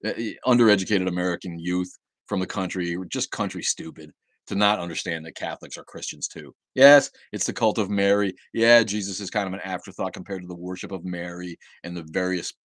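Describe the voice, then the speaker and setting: A man's voice: deep voice, steady tone, a little fast, no room sound. A man hosting his own livestream, talking heatedly and with lots of swearing, often repeating and restarting words. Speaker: livestream host. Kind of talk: angry livestream rant. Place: home livestream setup.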